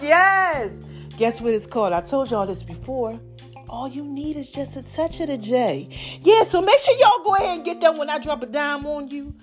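A woman hosting a casual podcast, animated and drawn out, calling listeners baby and y'all, her voice a bit hoarse from allergies. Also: high-pitched, normal speed, faint music behind. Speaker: podcast host.

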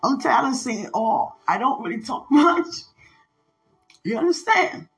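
An evangelist podcast host telling mission stories in excited preaching testimony, laughing often, repeating phrases and using street slang. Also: sits high, a little slow, creaky. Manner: uses slang and street talk.

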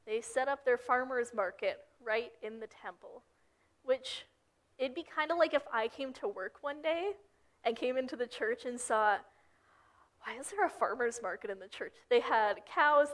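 A woman's voice: a little high, moderate pace, a bit bright. A young woman giving a casual sermon, telling Bible stories and acting out the characters' lines. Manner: storytelling, acts out characters' lines. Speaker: preacher.

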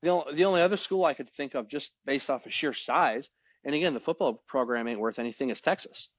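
A man co-hosting a casual podcast chat, excitable and rambling, often restarting his words. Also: mid-range voice, fast, no echo. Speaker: podcast co-host. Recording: dull, dry, lo-fi podcast audio.

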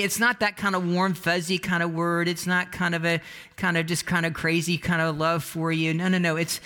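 A male pastor with a high voice preaches in a chatty, lively storytelling manner. His tone is bright and forward, and he often stops mid-sentence to restart. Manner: conversational, animated storytelling with many restarts. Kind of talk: sermon.

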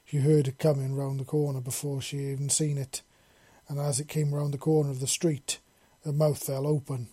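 A man's voice: medium pitch, flat delivery, normal speed, warm tone, husky, no echo. A man reading a fan-fiction story aloud in plain narration, sometimes restarting a phrase. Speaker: story reader.

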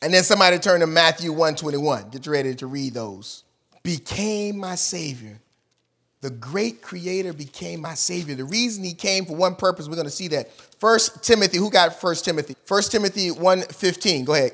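A man's voice: a little high, expressive, moderate pace, fairly bright tone. A male pastor preaching a sermon, emphatic, repeating key words and putting questions to his congregation.

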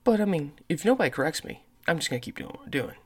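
A man's voice: a little high, big pitch swings, fast talker. Man, podcast host, loose rambling storyteller who curses freely. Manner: says he has a terrible accent and mispronounces words. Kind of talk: casual monologue.

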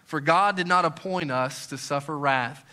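Man, pastor, sermon, bright forceful voice, fairly high pitch, soft to loud swings. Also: normal speed. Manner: dynamic preaching, swings from soft to loud, joking asides.

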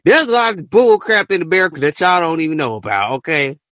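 A man hosting a podcast, ranting his opinion in an animated, profane way and bursting into shouts. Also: fairly high pitch, fast, dry recording, clean studio sound. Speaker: podcast host.

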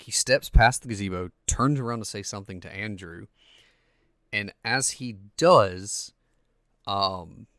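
A man's voice: on the low side, pushed and bright, no echo, clean studio sound. A man narrating as game master of a tabletop game, rambling and full of fillers as he describes the scene.

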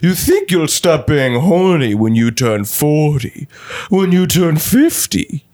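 A man voicing a lewd male demon who lives inside a young man's head, teasing him slowly and condescendingly. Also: on the high side, sing-song, a little mellow. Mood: preaching. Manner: condescending, slow drawn-out teasing. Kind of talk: improvised comedy sketch.

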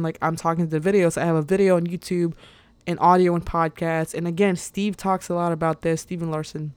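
A woman's voice: lowish voice, darkish tone, dry recording. A young woman hosting a podcast, talking casually and motivationally with lots of fillers and frequent laughs. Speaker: podcast host.

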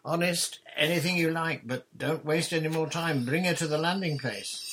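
A man reading a storybook aloud and voicing a bossy tomboy girl pirate captain who shouts impatiently, with a husky voice. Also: fairly high pitch, normal speed, pitched above the performer's own voice.

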